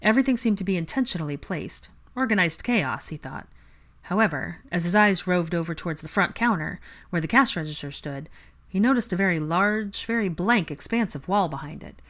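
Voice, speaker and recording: List: woman, low voice, steady storytelling, fan fiction audiobook narration. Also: brisk.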